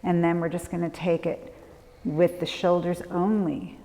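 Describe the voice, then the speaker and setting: A woman leading a prenatal yoga class, giving calm, gentle movement and breath cues. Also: fairly low pitch, a little slow. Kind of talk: guided yoga class instruction. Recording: long hall reverb.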